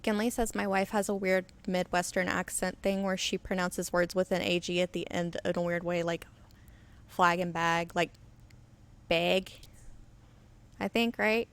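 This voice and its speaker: A woman with a low voice and a gravelly edge hosts a live painting stream. She talks in a loose, rambling way and reads comments from viewers aloud as she works. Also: fairly even intonation, moderate pace, hardly any pauses. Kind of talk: casual chat while demonstrating. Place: indoor studio under flood lighting. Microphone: webcam on auto settings.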